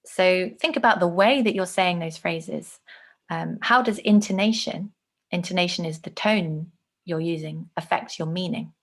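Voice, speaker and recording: A woman teaching an online lesson on speech delivery, clearly demonstrating phrases with changing intonation. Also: fairly low pitch.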